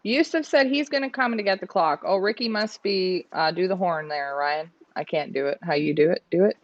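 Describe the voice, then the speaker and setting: A woman's voice: lowish voice, normal speed. A woman co-hosting a pigeon club livestream, greeting viewers and teasing her partner. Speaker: co-host. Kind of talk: casual livestream banter. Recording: slightly dull lo-fi sound.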